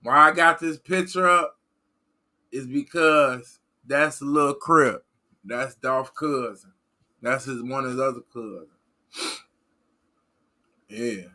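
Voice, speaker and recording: A man hosting a livestream reads his chat and rants casually, rambling, repeating himself, and getting fired up. His mid-range voice has a sharp tone, and he talks slowly with frequent pauses.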